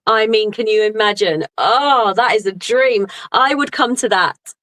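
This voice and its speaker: A woman's voice: mid-range voice, unhurried, a bit bright, no echo, rough recording. A woman guest with a mid-range voice chats casually over a video call. She is bubbly and laughs easily. The recording is dry and close. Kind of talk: casual interview chat.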